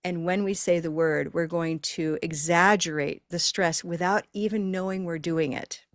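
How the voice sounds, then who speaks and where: A woman with a fairly low, steady-toned voice speaks at a normal pace in a clean, echo-free studio-quality recording. She's hosting a live online pronunciation class through a computer microphone, sounding upbeat, encouraging and chatty.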